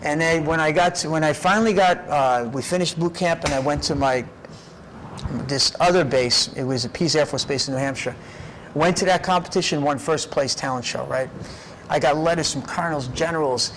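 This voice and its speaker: A middle-aged man recounts his life story in an interview, with a fairly high voice for a man. He tells it in an animated, lively way and keeps checking in with a "right?". A faint hum sits behind him. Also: brisk, low-quality recording. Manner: animated storyteller, often tags lines with "right?". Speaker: documentary subject.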